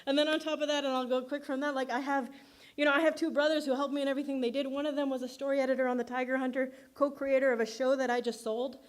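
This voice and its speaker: A woman's voice: high voice, flat delivery, quick pace. Chatty, laughing woman giving a speech. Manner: chatty and self-deprecating, laughs often, filler words. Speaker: filmmaker accepting an award. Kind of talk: award acceptance speech.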